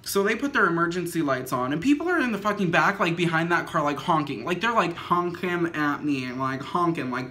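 A young man telling a storytime vlog in a casual, rambling way, filling every pause with "like" and swearing freely. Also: fairly high pitch, expressive, bright, forceful tone. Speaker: vlogger. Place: indoors at home, dim lighting.

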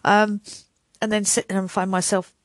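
An older woman with a lowish voice chats her way through a solo podcast, rambling and laughing at herself as she acts out little back-and-forths. She is recorded close and dry, with no room sound around her. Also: moderate pace, no echo. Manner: rambling, self-deprecating, laughs often, acts out little dialogues. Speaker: podcast host.

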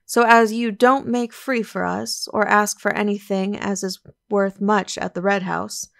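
A woman voicing a gentle, grave aging male weaver with mild, fatherly rustic speech in an audiobook reading. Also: medium pitch, steady tone, measured pace, creaky. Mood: fond, grave.

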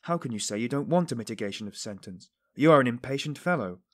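A man's voice: medium pitch, expressive, fast, natural voice. A man voicing an earnest middle-aged police investigator who pleads fervently with a suspect in an audiobook.

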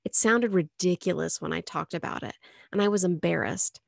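Woman reading a novel aloud, gravelly texture, dry close sound, expressive storytelling. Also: lowish voice, moderate pace, dry recording. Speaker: audiobook reader.

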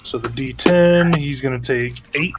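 A man's voice: mid-range voice, a little slow, loud music behind the voice. A man playing a tabletop game, talking casually, swearing freely and working through the rules aloud. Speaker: player.

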